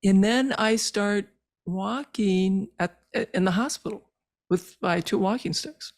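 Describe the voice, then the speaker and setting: An older woman physician, speaking in a mid-range voice, shares her personal story as a guest on a podcast. She's earnest and halting, full of fillers, and becomes emotional as she relives certain moments.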